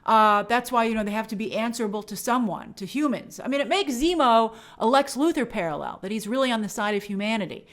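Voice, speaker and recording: Lively, high-voiced woman reviewing TV. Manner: enthusiastic, chatty, acts out characters' lines in quick asides. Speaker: film and TV review show host. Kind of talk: casual episode breakdown commentary.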